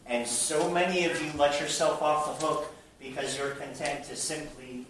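A man preaching a sermon to a church audience, shifting between a hushed voice and loud bursts. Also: fairly high pitch, moderate pace, noisy background. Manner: animated preaching, drops to a hush then bursts loud. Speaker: pastor. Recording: very echoey hall, mic at a distance.

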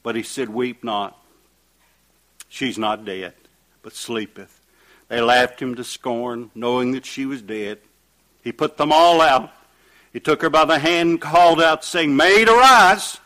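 A man preaching a sermon, reading scripture aloud and asking rhetorical questions, rising to loud emphatic peaks and dropping to quiet asides. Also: medium pitch, measured pace, pauses often. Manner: reads scripture aloud in King James wording.

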